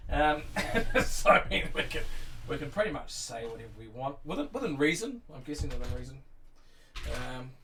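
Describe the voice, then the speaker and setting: A New Zealand man chatting loosely on a live stream, full of ums and restarts. His mid-pitched voice sits a little back from the mic. A faint hiss runs under the recording. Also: big pitch swings, normal speed, bright, forceful tone, recorded from a distance. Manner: rambling and friendly, many fillers and restarts, reads chat aloud. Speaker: Lego streamer. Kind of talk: casual live-stream chat. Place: home room full of Lego sets.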